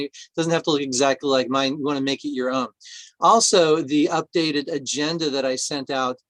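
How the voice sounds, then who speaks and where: A man with a fairly high voice leads a training session, friendly and loose as his sentences run on. The sound is close and dry, with no room in it. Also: fairly bright tone, dry recording. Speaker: outreach director. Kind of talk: casual training talk.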